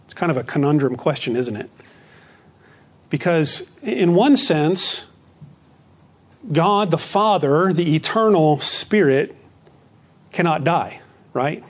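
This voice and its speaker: A man's voice: a little high, expressive, slow pace, pauses often, slightly rough. A man preaching a sermon, earnest and often asking rhetorical questions for agreement. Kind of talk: sermon or Bible teaching.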